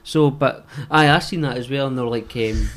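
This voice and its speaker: Male co-host, easygoing and rambling, average pitch. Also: brisk, a bit bright. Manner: agreeable, rambling, frequent fillers. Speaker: podcast co-host. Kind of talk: casual chat.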